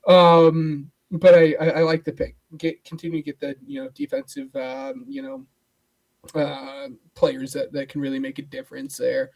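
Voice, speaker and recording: A man's voice: fairly high pitch, flat delivery, normal speed, vocal fry, darkish tone. A man co-hosting a football podcast in casual chat, hesitant and full of fillers. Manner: hesitant, lots of "like" and "um". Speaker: co-host.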